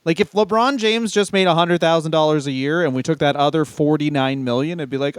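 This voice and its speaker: Smooth-voiced joking man co-hosting. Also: a little high, a little fast, hardly any pauses, dry recording, studio quality. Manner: profane, joking, laughs often. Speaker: comedy podcast co-host. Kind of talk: casual comedic chat.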